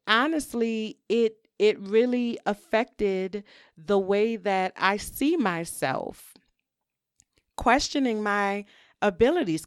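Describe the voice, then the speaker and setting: A woman hosting a solo podcast, talking candidly and reflectively in a relaxed conversational way, often saying "you know". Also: mid-range voice, clear, resonant tone, dry recording, clean studio sound. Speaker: podcast host.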